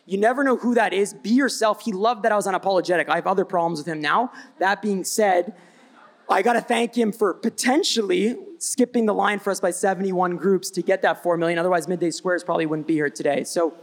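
A man's voice: high voice, a little fast. A man, a brand founder on a live event panel, telling stories bluntly and with energy. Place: event stage before live audience.

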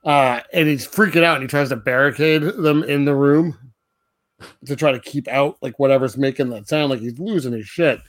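A man's voice: medium pitch, moderate pace. Male podcast co-host, casual and rambling, laughs easily, mid-range voice. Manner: laughs often, loose retelling with many fillers. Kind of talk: casual movie discussion.

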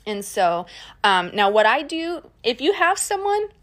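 Speaking at a measured pace, a mother who teaches on a Christian podcast uses a fairly high, fairly bright voice with big swings in pitch. Her delivery is casual, earnest and encouraging, flowing conversationally with frequent fillers.

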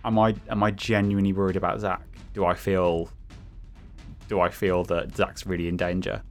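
A man playing a tabletop game, asking eager, quick questions. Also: sits low, little pitch movement, faint music behind. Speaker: player. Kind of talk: tabletop role-play chat.

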